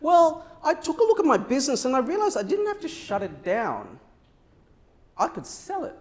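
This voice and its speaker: A man's voice: extremely high pitch, wildly swooping pitch, moderate pace, voice pushed up, heavily acted. A man voicing an eager, upbeat teenage boy entrepreneur who talks in casual, breezy slang.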